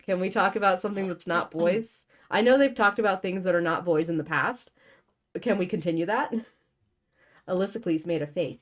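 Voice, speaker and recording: A woman's voice: on the low side, moderate pace. A young woman hosting a show, reading a novel aloud and breaking off for blunt, sarcastic commentary. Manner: sarcastic, blunt, swears casually.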